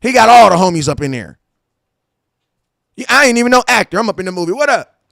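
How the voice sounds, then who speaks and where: Man, sports fan host, slangy and lively, slightly high voice, dry close sound. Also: fast, gravelly, no room sound. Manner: animated, slangy, storytelling with asides. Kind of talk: casual fan commentary.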